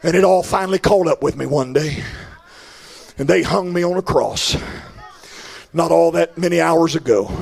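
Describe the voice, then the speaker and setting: A man preaching, voicing a weary, fearful crucified thief who confesses haltingly and stammers. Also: on the high side, creaky, darkish tone.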